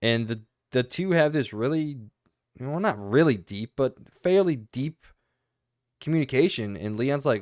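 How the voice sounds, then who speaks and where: A man co-hosting a video game podcast, talking in long animated runs in a casual review discussion. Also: mid-range voice, unhurried, no echo, studio quality.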